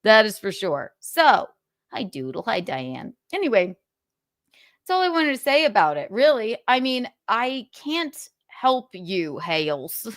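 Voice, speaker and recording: A woman's voice: fairly high pitch, very animated, unhurried, no echo, clean studio sound. A woman hosting a livestream, ranting in a sarcastic, profane way and laughing between jabs. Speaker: livestream host.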